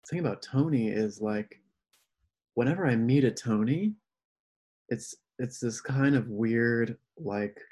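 A man telling a personal story in casual conversation, acting out the people he quotes with animation. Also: fairly low pitch. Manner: animated, acts out quoted voices. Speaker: podcast guest.

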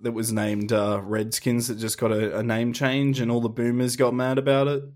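A man with an Australian accent chatting casually, blunt and quick to swear. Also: mid-range voice, flat delivery, darkish tone. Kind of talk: casual podcast chat.

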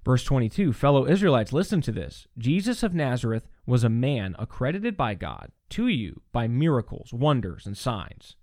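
A man's voice: mid-range voice, normal speed, hardly any pauses, no room sound, studio quality. A man hosting a podcast, teaching on scripture in an earnest conversational way, often restarting his sentences and checking in with "right?". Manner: earnest, animated, frequent restarts and "right?" asides.

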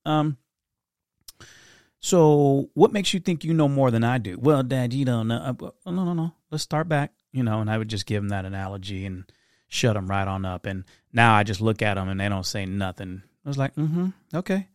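A middle-aged man telling animated parenting stories in a casual monologue, breaking into quick impressions. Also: on the low side, clear, resonant tone, no echo, studio quality. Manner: animated storytelling with impressions and laughs. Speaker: parent giving advice.

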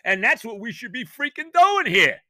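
A man's voice: extremely high pitch, big pitch swings, moderate pace, sharp tone, dry recording, clean studio sound. A middle-aged man hosting a sports podcast, ranting angrily and profanely about his team's loss, worked up and exasperated. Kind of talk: angry sports rant.

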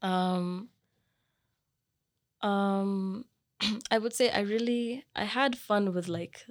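A young woman from Kenya, chatting casually as a guest and telling animated stories full of fillers. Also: mid-range voice, extremely slow. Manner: animated storyteller, filler-heavy. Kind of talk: casual chat.

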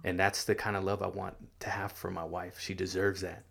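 A man telling a personal faith story in casual chat, earnest and halting, often repeating his words. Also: low voice, little pitch movement, creaky, fairly bright tone, breathy edge. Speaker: guest sharing testimony.

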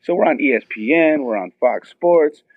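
Excited storyteller man on a phone line. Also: normal speed, no room sound. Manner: excited, acts out quotes with high squeals. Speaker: guest telling a story. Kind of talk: animated storytelling. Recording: tinny phone-line sound.

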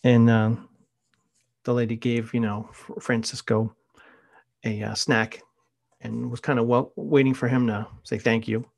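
A middle-aged man hosts a podcast in a casual, conversational monologue, drifting from one anecdote to the next. His voice sits in an ordinary middle pitch and sounds dry and close, with no room around it. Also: little pitch movement, a little slow, creaky, pauses often, a little mellow, no room sound. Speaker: podcast host.

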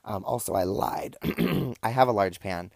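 A man's voice: fairly low pitch, a little slow, vocal fry, a little mellow, no room sound, studio quality. A young man casually recapping and reading out text messages, with wry, campy asides. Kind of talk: casual storytelling, reading out texts.

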